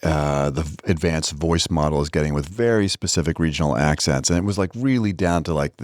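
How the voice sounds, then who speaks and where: A man with a very low voice co-hosts a relaxed podcast. He is chatty and jokey and explains stories in long runs. The sound is close and dry, with no room echo. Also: a little fast. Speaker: podcast co-host. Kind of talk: casual podcast chat. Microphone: studio microphone, on camera.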